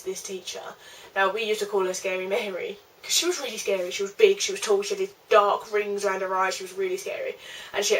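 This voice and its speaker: A woman's voice: medium pitch, a bit bright. Chatty young woman, a bit distant. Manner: chatty, rambling, with frequent fillers and laughs. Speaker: vlogger telling a story. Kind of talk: casual storytime.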